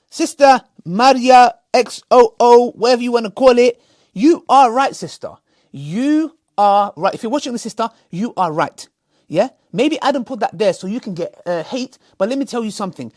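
Male reactor; husky, lively delivery, dry close sound, emphatic and scolding. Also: high voice, no echo. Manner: emphatic, scolding, mocking, with sarcastic put-on quotes. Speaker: reaction commentator. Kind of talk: heated reaction commentary.

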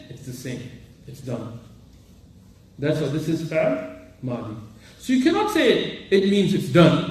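Man, Arabic and Quran teacher, high lively voice, very echoey room, mic far away. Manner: animated, quizzes students, mixes Arabic terms into English. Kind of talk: classroom lesson on Quran commentary.

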